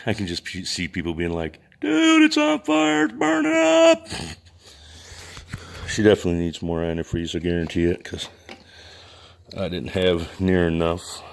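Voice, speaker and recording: Low-pitched man, garage mechanic vlogger, easygoing folksy drawl, casual rambling delivery. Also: a little mellow. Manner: laid-back, drawling, folksy with mild cursing. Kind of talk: casual rambling shop talk. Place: indoor workshop garage.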